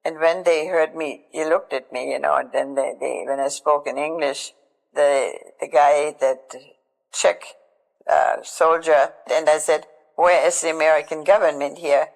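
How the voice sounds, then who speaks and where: An older woman tells her own survival story in an earnest, halting way, restarting phrases and turning to prayer. Her voice is gravelly with fry at the ends of phrases. It is an archival recording with a long hall reverb around her. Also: deep voice, fairly even intonation. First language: German. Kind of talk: recounted personal testimony.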